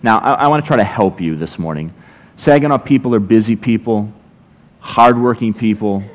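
Speaking at a moderate pace with a fairly low pitch, a man gives a sermon as a pastor. He relates ordinary stories in a chatty, ironic manner laced with dry, playful sarcasm.

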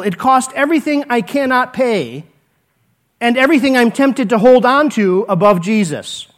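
A man preaching a sermon, earnest and repetitive, swinging between emphatic lines and hushed ones. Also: very high-pitched, lively intonation, moderate pace. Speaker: pastor.

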